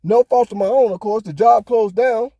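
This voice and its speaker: A man's voice: high-pitched, moderate pace, mellow, no room sound, highs cut off. A man hosting a podcast, ranting heatedly in casual talk, swearing often. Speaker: podcast host. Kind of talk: casual opinion monologue.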